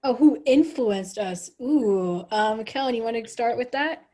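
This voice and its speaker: A woman's voice: on the high side, a little slow, slight background noise. Chatty young woman hosting a video chat. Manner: relaxed, chatty, many fillers. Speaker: host, trombone player. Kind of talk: casual hosted chat on a video call. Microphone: video call microphone.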